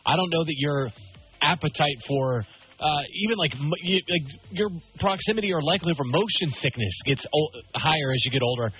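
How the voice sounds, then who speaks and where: A man's voice: a little high, fairly quick, lo-fi sound, soft background music. A man co-hosting a radio show, chatting casually with rambling asides. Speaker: radio co-host.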